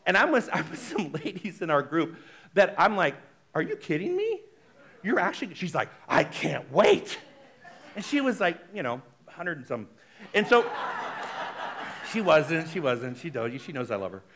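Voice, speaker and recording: Male minister, high voice, chatty conversational preaching, animated. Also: moderate pace. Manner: chatty, frequently asks the congregation "right?"; animated, shifts between loud exclamations and soft asides. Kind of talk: conversational sermon.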